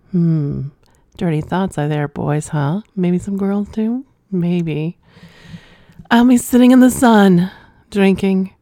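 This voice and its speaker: Woman, sultry podcast host, low mellow voice, teasing, dry close sound. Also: no room sound. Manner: sultry, teasing, laughs often. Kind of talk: flirty adult podcast monologue.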